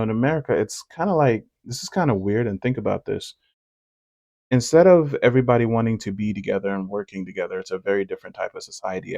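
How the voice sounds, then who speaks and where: Low, gravelly man giving opinionated commentary. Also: a little mellow, dry recording. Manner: conversational, opinionated, filler-heavy. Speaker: commentary host reacting to clips. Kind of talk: reaction commentary.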